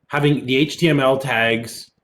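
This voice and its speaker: A man, a college instructor, giving a relaxed online programming lecture, explaining as he goes with fillers, with keyboard typing in the background. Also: mid-range voice, normal speed. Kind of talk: recorded online lecture with screen demo.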